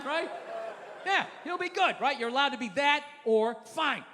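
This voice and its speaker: A man in his fifties works a live stand-up set with a high, bright, sharp voice, swinging from low grumbles into shouted, profane rants. The sound is roomy, with a long theater reverb and a faint crowd behind him. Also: normal speed, slight background noise. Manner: animated, profane ranting with sudden shouts. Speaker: stand-up comedian. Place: comedy club stage. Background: audience laughter.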